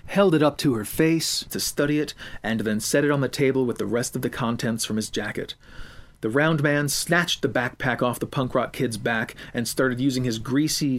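In a mid-range voice, a male audiobook narrator reads scripted text with a measured, even storytelling style.

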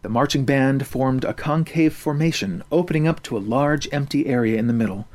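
A man's voice: mid-range voice, fairly quick, a little mellow. Man reading a story aloud. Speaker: narrator. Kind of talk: storybook narration.

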